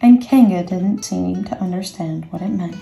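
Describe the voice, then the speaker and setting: A woman reading a children's book aloud with gentle, expressive storytelling. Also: on the low side, moderate pace, vocal fry. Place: indoors, workspace. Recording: echoey room, faint music.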